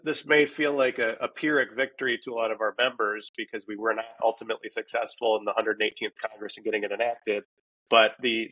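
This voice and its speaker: A man's voice: fairly low pitch, bright, forceful tone, no echo, rough recording. A man answering a podcast host's question in a conversational way, often restarting his sentences. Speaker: guest, housing policy advocate. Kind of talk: casual podcast interview answer.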